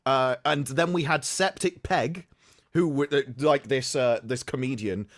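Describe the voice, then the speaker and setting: A man's voice: mid-range voice, measured pace. A man from the UK, co-hosting a podcast in casual, mocking chat. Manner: mocking, animated, laughs through jokes. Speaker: podcast co-host.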